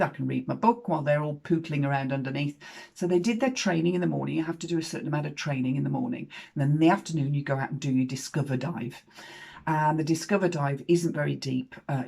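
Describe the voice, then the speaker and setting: Woman in her 50s telling a story, low husky voice, swears a lot. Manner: frank and swearing, with emphatic swings in loudness. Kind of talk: spoken personal story.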